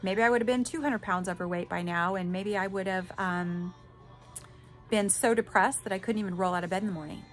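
A woman's voice: medium pitch, a little fast, faint music behind. A middle-aged woman hosting a podcast, telling a personal story candidly and emphatically, talking straight to her listeners and swearing casually. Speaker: podcast host.

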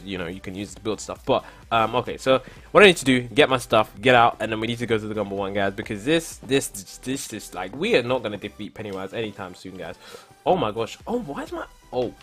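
An excitable young man with a husky voice, commenting on his Minecraft game with a lively pitch that jumps around. He keeps calling out to his viewers and yelps when things go wrong, over faint game music. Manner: excitable, talks to viewers, repeats "guys", bursts into shouts. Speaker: gaming YouTuber.

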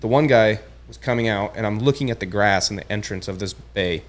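A young man with a fairly low voice tells his story in an easygoing, laid-back chat. He keeps dropping "dude" into his sentences and acts out the lines he quotes as if he were living the moment again. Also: a little fast. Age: young adult. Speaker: podcast guest, tournament angler. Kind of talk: casual chat.

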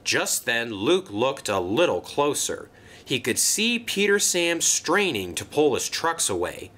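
Expressive male storybook narrator. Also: medium pitch, a little slow.

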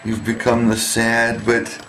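A father gently coaxing and teasing his small child in a home video. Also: medium pitch, monotone, slow, gravelly, noisy background.

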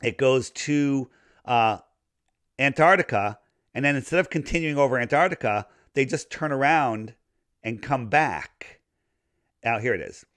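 A man speaking as a podcast guest in casual conversation, talking in a rambling, animated way as he loses his voice. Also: medium pitch, unhurried, no echo. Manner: rambling, animated conspiracy talk. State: losing his voice.

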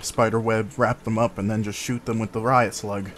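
A man's voice: on the low side, little pitch movement, moderate pace, slight background noise. A man commenting casually on the game he is playing and swearing freely as he goes. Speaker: let's play gamer.

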